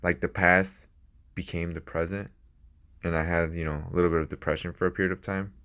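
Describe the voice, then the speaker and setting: A man's voice: low voice, little pitch movement, a little fast, a bit bright. A man talking off the cuff about his own relationships, rambling, laughing and swearing casually into a small personal mic. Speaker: vlogger. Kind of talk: unscripted casual talk.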